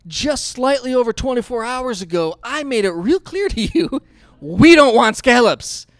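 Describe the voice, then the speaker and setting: A man's voice: very high-pitched, lively intonation, a little slow, vocal fry, no room sound, clean studio sound, voice pushed up, heavily acted. A man voicing his own exasperated stomach, which scolds him like a fed-up buddy. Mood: scolding. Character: exasperated male talking stomach.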